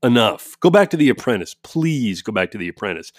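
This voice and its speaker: A man's voice: lowish voice, very animated, fairly quick, few pauses, dry recording, studio quality. A man talking at home in a casual ranting monologue, profane and sarcastic, with frequent laughs. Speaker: parent with kids at home.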